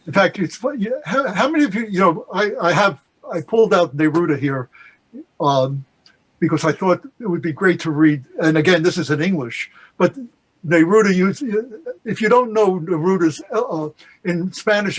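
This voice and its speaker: An older man, a guest poet, chatting on a video call, halting with many restarts and slowing down to read poems aloud. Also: high-pitched, breathy edge, low-quality recording. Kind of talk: casual discussion with poetry readings.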